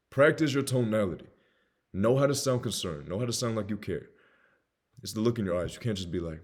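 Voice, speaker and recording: Man, young adult, low voice, blunt, casual, swears, sales coaching talk. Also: very animated, a little fast, darkish tone, slightly rough. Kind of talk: casual monologue with acted examples.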